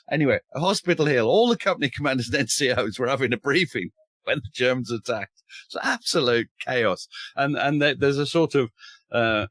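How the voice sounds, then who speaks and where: A man's voice: mid-range voice, a bit bright, no room sound. A man from the north of England, a historian chatting casually and eagerly on a podcast, with wry humor, mild swearing and many restarts. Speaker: historian and author.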